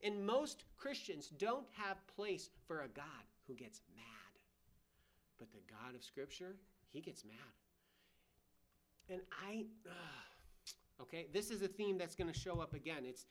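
A man's voice: fairly high pitch, big pitch swings, a little slow. Emphatic, chatty man preaching a sermon. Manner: conversational, emphatic, wry asides. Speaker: guest preacher.

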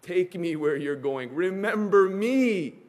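A repentant thief near death pleads earnestly, as a preacher acts him out. The voice sits high and sincere. It is a preacher's retelling in a sermon. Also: male voice, lively intonation, takes it slowly, darkish tone. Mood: pleading.

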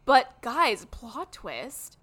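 A woman's voice: fairly high pitch, very slow, husky. A woman co-hosting a podcast, recapping a movie in casual, jokey chat with some swearing. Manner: animated, swearing, jokey storytelling. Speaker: podcast co-host.

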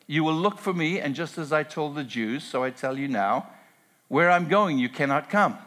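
Earnest preaching man, higher voice. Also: expressive, normal speed, fairly bright tone. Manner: earnest, rising to emphatic preaching with repeated phrases. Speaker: pastor. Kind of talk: sermon.

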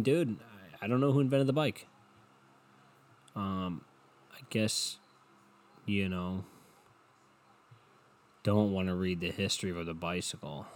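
A young man hosting a rambling solo podcast from home, swearing a lot and mocking himself, dropping from low mutters into loud bursts. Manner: profane, self-mocking, drifting between muttering and loud bursts. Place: home, no studio. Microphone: home podcast microphone.

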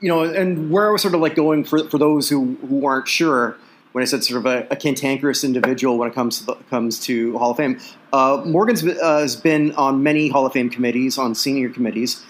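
A man's voice: medium pitch, fairly quick. Man reeling off baseball stats. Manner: reels off statistics, filler-heavy. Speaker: podcast co-host. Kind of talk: casual sports chat.

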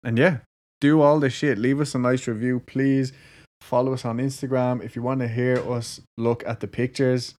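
A man hosting a podcast in a relaxed, casual way, swearing freely and using lots of fillers. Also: medium pitch, normal speed. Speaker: podcast host.

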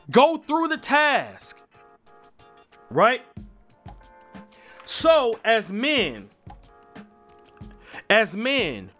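A man's voice: very high voice, pushed and bright. A man preaching a sermon with an emphatic, repetitive rallying cadence.

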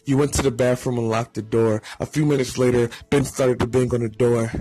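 A man narrating a fan story in a plain, steady reading voice. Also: medium pitch, fairly quick, hardly any pauses, dry recording, faint music behind.

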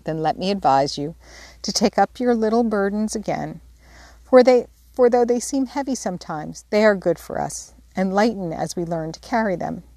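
A woman reading a wise, gentle mother of four girls, calm and earnest as she gives advice. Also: medium pitch, normal speed, no room sound, natural voice.

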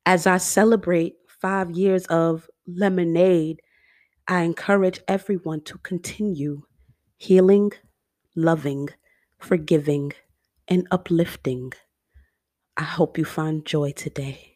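Slow, poised celebrity voice a woman puts on, crisp consonants, soft. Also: fairly low pitch, steady tone, no echo, clean studio sound. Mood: gracious. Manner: slow, deliberate, hits consonants hard. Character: woman impression of a pop star, soft, poised.

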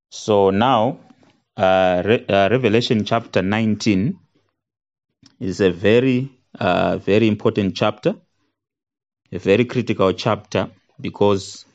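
A man teaches a Bible study at a very unhurried pace, pausing on fillers and tagging his points with "isn't it?". His voice sits a little low, and he lifts it when he reads scripture aloud. The recording sounds dull and lo-fi. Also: darkish tone. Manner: slow, with frequent "isn't it?" tags and fillers.

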